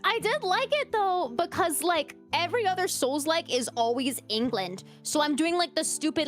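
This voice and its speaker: A woman's voice: extremely high pitch, expressive, faint music behind. A woman chatting casually about games, enthusiastic and playful. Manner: enthusiastic, playful, quick to laugh. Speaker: streamer, co-host or guest. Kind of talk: casual gaming chat.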